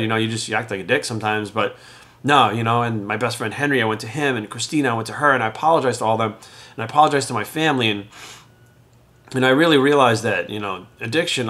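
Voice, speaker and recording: A middle-aged man telling his own story in a frank, conversational way, swearing casually and getting animated as he recalls events. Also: medium pitch. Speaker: podcast host telling his recovery story. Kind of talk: candid personal storytelling.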